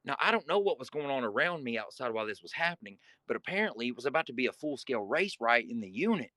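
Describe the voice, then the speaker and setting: A man's voice: mid-range voice, very animated, fast talker, sharp tone, no room sound. A man telling a guest story in casual, vivid, profane talk and acting scenes out.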